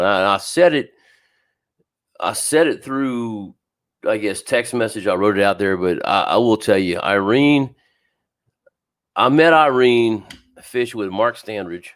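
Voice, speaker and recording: A man hosting a live fishing show, chatting casually, greeting viewers by name and laughing often, with an occasional wheeze. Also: fairly low pitch. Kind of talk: casual live-stream chat. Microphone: streaming setup, talking to camera.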